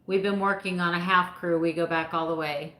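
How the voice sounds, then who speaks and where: A woman in her fifties with a lowish voice chats loosely with her live viewers. She rambles and laughs easily. The echoey room rings around her. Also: steady tone, brisk, bright, forceful tone. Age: 50s. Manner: chatty, rambling, laughs often. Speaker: vlogger answering live chat. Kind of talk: casual live chat.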